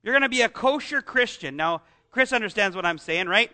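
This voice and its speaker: A man's voice: high voice, expressive, a little fast, bright, forceful tone. A Canadian man preaching a sermon as pastor, in a conversational style with chatty asides.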